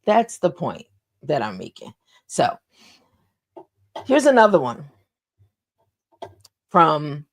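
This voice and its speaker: A woman's voice: low voice, wildly swooping pitch, slow, long pauses. A woman hosting a motivational talk. She is encouraging, repeats key phrases and asks listeners questions. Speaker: host.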